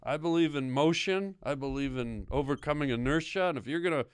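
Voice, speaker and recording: Man, guest comedian, goofy absurd banter, smooth resonant voice, dry sound. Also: on the high side, a little fast, no room sound. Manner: goofy, absurd insults with rambling fillers.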